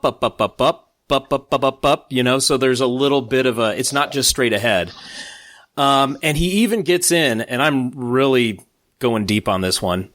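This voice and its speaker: A man's voice: medium pitch, a bit bright, no echo, clean studio sound. A man co-hosting a music podcast, talking enthusiastically and a bit nerdily, poking fun at himself with small laughs. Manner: enthusiastic, nerdy, self-deprecating, breaks into little laughs. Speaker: podcast co-host. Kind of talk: casual music discussion.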